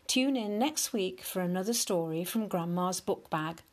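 A woman reading a children's story aloud in a gentle, unhurried way, talking to the children directly. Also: lowish voice.

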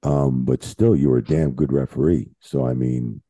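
A man guesting on a podcast, telling road stories in a casual, profane, animated way. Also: rumbling low, normal speed, creaky, slightly rough, dry recording. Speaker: guest, veteran wrestling referee.

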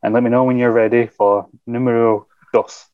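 A man's voice: medium pitch, level tone, normal speed, clear, resonant tone, no echo. A man hosting a podcast quiz, joking with his friends as he reads out the questions. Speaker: podcast host running a quiz. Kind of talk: casual chat among friends. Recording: dull lo-fi mic, dry.

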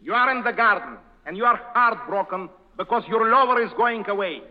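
A man with a Russian accent, talking in a high, animated voice as a bossy director who mangles his words. The old radio sound is muffled, with a long hall reverb. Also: a little fast. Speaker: film director character. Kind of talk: 1930s radio comedy.

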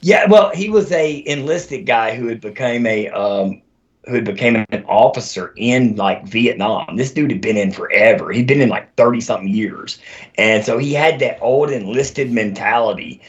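A man who is an army veteran, telling stories as a guest in a casual conversation, animated and profane, on a dull lo-fi recording. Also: medium pitch, moderate pace.

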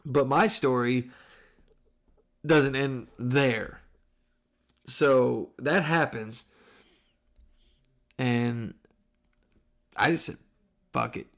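A man in his thirties hosting a podcast, telling a story in casual, animated, profane style. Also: medium pitch, very slow, long pauses. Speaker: podcast host.

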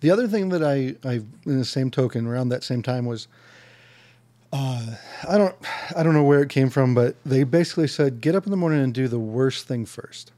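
A man hosting a casual podcast interview, talking in a relaxed, reflective way. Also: mid-range voice, brisk. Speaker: podcast host.

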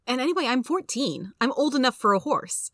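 Stubborn, protective teen boy in a storybook, pleading and high; woman reader puts him on. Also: lively intonation, fast talker, pushed and bright, no echo. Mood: insistent. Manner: pleading, insistent.

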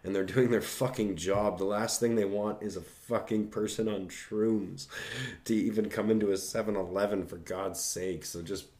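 A man's voice: on the low side, fairly even intonation, moderate pace, a little mellow. A young man telling a casual, profanity-laced anecdote in a rambling way.

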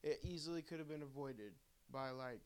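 A man's voice: mid-range voice, moderate pace, crowd noise. A man with a Texan accent, co-hosting a podcast, venting in heated, profane casual talk. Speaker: podcast co-host. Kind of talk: casual chat. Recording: faint hiss.

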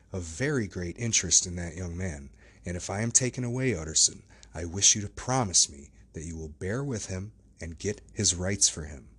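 A man's voice: low voice, fairly bright tone, slightly rough, full character voice. A man reading a troubled, pleading doctor. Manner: earnest, pleading. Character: troubled, evasive gentleman doctor.

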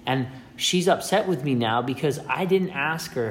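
A man's voice: medium pitch, expressive, moderate pace, hardly any pauses, a little hiss or hum. A man in a casual, rambling monologue who repeats his words as he goes and acts out small scenes.

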